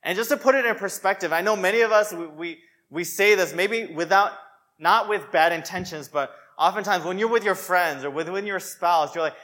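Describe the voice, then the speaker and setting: A man preaching a sermon in a conversational, animated way, full of "you know" and "like". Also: high voice, normal speed.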